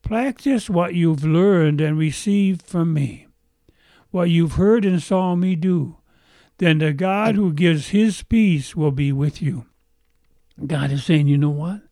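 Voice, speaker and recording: A man's voice: fairly high pitch, slow, dark tone, no echo. A man preaching a sermon as pastor, earnest, stretching out key phrases for emphasis.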